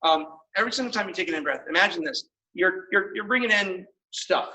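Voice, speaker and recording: A man teaching a martial arts class, calling out commands with energetic shouts and laughter. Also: high-pitched, brisk, slight background noise. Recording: echoey room, mic far off.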